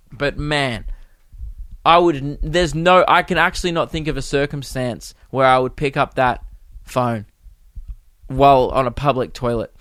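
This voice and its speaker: A young man hosting a podcast, telling a comic story with animated, exasperated delivery and putting on voices for the people he quotes. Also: a little high, no echo. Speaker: podcast host. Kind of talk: comedic storytelling monologue.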